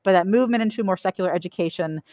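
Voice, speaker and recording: A woman's voice: medium pitch, rapid-fire, a little mellow, no echo. A woman teaching an art history lecture in a conversational way, often checking in with "okay?" and "right?" and repeating key points for emphasis. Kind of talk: recorded lecture.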